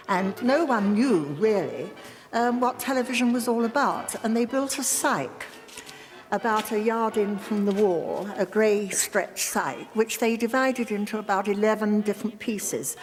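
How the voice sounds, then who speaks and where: A woman's voice: medium pitch, measured pace, big-room sound. A woman recalling her early days as a television engineer in a matter-of-fact, storytelling way. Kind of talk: reminiscing interview.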